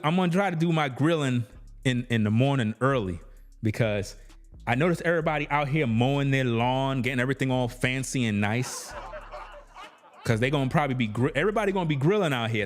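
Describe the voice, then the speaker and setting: Laid-back man. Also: mid-range voice. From New York. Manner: laid-back, chatty, peppered with "you know what I mean". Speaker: YouTube commentator. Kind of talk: casual commentary.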